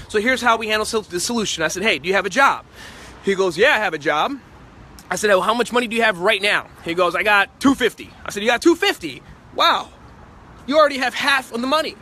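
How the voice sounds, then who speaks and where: A man giving a motivational sales-training talk, emphatic and forceful, sometimes acting out his clients' voices. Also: very high voice.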